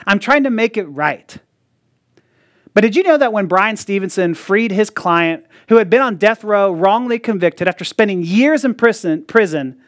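A man preaches in a loose, chatty sermon style and slips into mocking voices when he quotes people. His speech is full of "like" and quick asides. The sound is dry and close, with no room echo. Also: high voice, fairly bright tone. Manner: conversational, often acts out quoted voices with a mocking edge; frequent "like" fillers and laughs.

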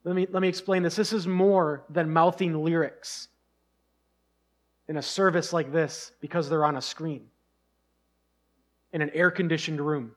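A man's voice: fairly high pitch, fairly even intonation, unhurried, long pauses. A middle-aged man preaching a sermon as pastor, earnest and conversational, with bursts of emphasis.

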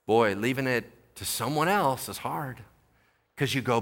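A man preaching a sermon as pastor, animated and jokey, acting out the people in the story. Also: mid-range voice, normal speed.

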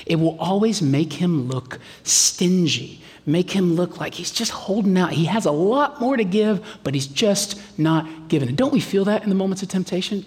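A man preaching a sermon in a lively, animated way, acting out quotes in playful voices. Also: high voice, normal speed. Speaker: pastor. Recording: reverberant hall.

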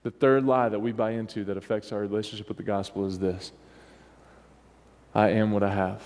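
Conversational pastor in a reverberant church. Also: male voice, lowish voice, darkish tone. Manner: conversational, asks the congregation for responses. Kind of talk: sermon. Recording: long hall reverb.

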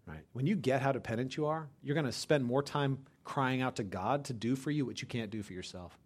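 A man preaching a sermon to his church, addressing the congregation directly as "you guys". He swings from loud, emphatic lines to hushed, almost whispered ones. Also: mid-range voice, fairly quick, few pauses, husky. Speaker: pastor.

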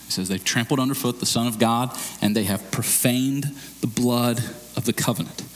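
A man preaching a sermon as pastor, explaining a scripture passage and acting out bits of dialogue in a raised, excited voice. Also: mid-range voice, moderate pace, slight background noise. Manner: animated, acts out dialogue in raised voice.

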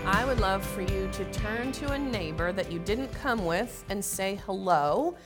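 A woman's voice: mid-range voice, expressive, measured pace, over loud music. A woman pastor giving a conversational sermon to her congregation in church, with frequent fillers and restarts. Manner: conversational, with fillers and self-corrections.

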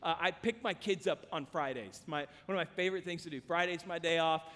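A man's voice: fairly high pitch, a little fast, a bit bright. A man preaching a sermon as pastor, earnest and emphatic, mixing scripture with personal stories. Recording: long hall reverb.

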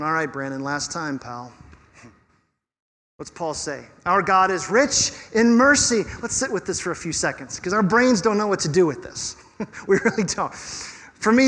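A pastor preaching a sermon in an animated, conversational way with touches of humor. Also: male voice, high-pitched, big-room sound.

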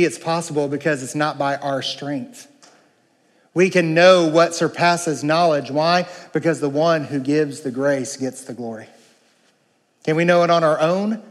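A man preaching a sermon, emphatic, moving between slow, low passages and raised, urgent ones. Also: big-room sound.

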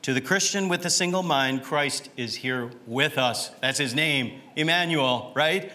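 Middle-aged guy preaching a sermon, slow delivery, bright forceful voice, keeps asking the crowd "right?". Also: mid-range voice. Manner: emphatic, asks the congregation questions and tags lines with "right?". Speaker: pastor.

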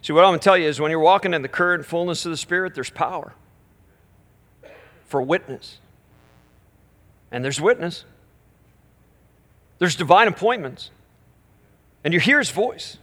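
A middle-aged man preaching as a minister, telling a story with animated energy and easing into soft, slow prayer. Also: fairly high pitch. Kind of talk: storytelling sermon at a live church event.

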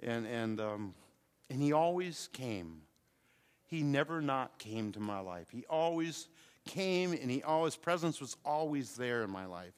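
A man's voice: mid-range voice, big pitch swings, a little slow, smooth. An older man preaching a sermon to a congregation, calling out to them with rising fervor. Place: church hall with congregation. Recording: long hall reverb.

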